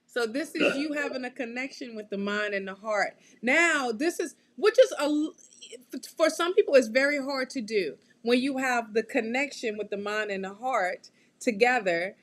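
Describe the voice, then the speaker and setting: A woman hosting a live tarot reading, chatty and quick to laugh, often checking in with her listeners. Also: a little high. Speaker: tarot reader and show host.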